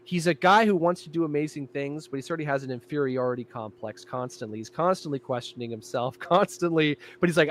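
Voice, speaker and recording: A man in casual podcast chat, describing his own show in an animated way. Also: mid-range voice, fast, hardly any pauses, slight background noise. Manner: animated, jumping into character voices.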